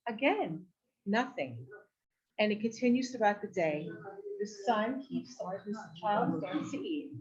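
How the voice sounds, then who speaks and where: At a community center's women's study hall, a woman teacher's weekly Torah talk features a lively story told at medium pitch. She animates it, even shouting during quoted outbursts, and the live recording comes across dull and lo-fi.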